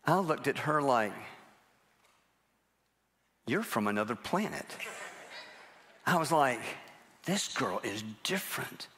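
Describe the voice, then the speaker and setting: A man's voice: medium pitch, very animated, takes it slowly, pauses often, fairly bright tone, a little hiss or hum. Older man preaching at a live church service, a chatty, self-mocking storyteller with an easy, everyday voice. he tells stories from the pulpit with a joke never far off. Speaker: guest preacher. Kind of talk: humorous sermon storytelling.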